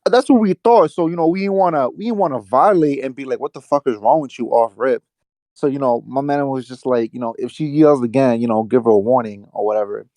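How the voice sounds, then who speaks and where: Young man, New York accent, mellow voice, dry close sound, animated slangy storyteller. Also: mid-range voice, fairly quick, no room sound. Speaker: podcast co-host. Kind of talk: casual storytelling chat.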